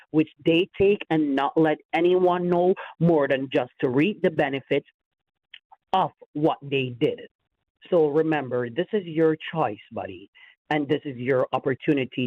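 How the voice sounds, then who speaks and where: A coaxing man talking over a tinny phone line, his voice husky and a little higher than most. He pushes his pitch persuasively. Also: unhurried, no echo. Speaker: phone scammer. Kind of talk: phone conversation.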